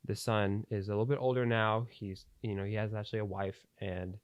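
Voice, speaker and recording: A man's voice: fairly low pitch, flat delivery, brisk, clean tone, no room sound, muffled recording. A young man hosting a podcast, telling a long story in a rambling way with plenty of fillers and restarts. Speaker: podcast host. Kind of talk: casual storytelling. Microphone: studio podcast mic.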